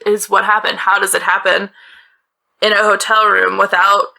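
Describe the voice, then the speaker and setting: A woman's creaky, sharp voice at medium pitch shows little pitch movement as she talks at a moderate pace. She hosts a podcast recounting a true-crime case with casual chatter and laughing asides, and she's from the northeastern United States, speaking from a small, closet-like bedroom.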